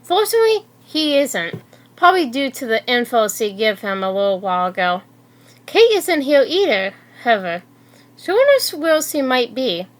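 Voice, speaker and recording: A woman reading a fan story aloud in an unhurried, slightly halting way. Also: high voice, sing-song.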